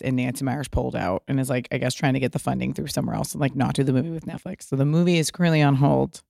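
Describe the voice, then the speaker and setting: A low-pitched woman from Pasadena, California, in her thirties, hosts a podcast in studio-quality sound with no echo. Chatting casually, she tells an animated story, swearing liberally and voicing what others said.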